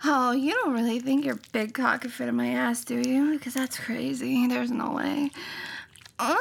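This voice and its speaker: High, breathy woman in erotic role-play. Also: moderate pace, slight background noise. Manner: breathy, moaning, pleading. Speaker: erotic audio performer.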